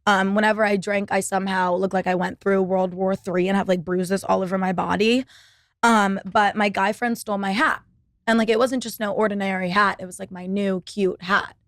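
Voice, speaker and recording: On her casual solo podcast, recorded on a laptop setup, a young woman drifts from story to story, swearing plenty and saying "like" endlessly. Her ordinary middle-pitched voice keeps fairly even intonation at a moderate pace, captured close and dry with no room sound.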